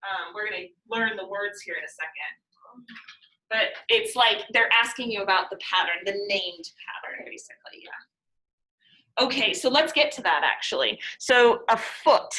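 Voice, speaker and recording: A woman's voice: mid-range voice, animated, measured pace, sharp tone. A woman teaching a poetry lesson in a classroom, patiently explaining and repeating definitions. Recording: echoey room, mic far off.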